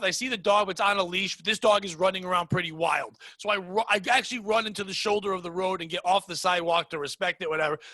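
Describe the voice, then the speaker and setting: Comedian guy hosting a podcast, high voice, dry sound, ranting and swearing. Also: no echo. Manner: profane, animated, mocking. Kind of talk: comedic storytelling rant.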